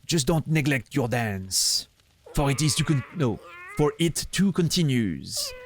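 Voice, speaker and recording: A man reading game dialogue aloud as a grand, theatrical male troupe master, in a put-on French accent with slow, stately delivery. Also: mid-range voice, very animated, a little hiss or hum. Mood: grandiose.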